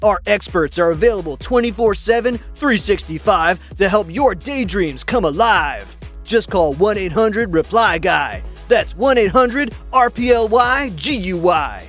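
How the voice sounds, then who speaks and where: A man reading a parody infomercial voice-over in smooth pitchman patter. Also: animated, unhurried, fairly bright tone, faint music behind.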